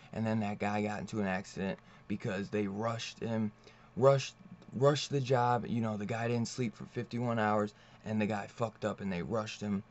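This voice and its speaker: Dude ranting about a comic, cusses a lot, laughs, muffled lo-fi sound. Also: male voice, on the low side, a little mellow. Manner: loose, profane, laughs often. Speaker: comic book reviewer. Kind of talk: casual rambling comic review. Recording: dull lo-fi recording.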